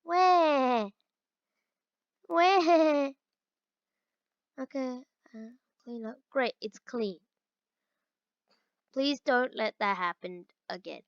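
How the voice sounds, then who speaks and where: A high-voiced woman talks unhurriedly through a let's-play, her pitch leaping up and down. She reads the game's text aloud and cuts in with her own remarks. The recording is close and dry but muffled and lo-fi. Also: smooth, no echo. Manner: reads the game text aloud between quick exclamations. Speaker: gamer reading game dialogue aloud. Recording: dull lo-fi recording.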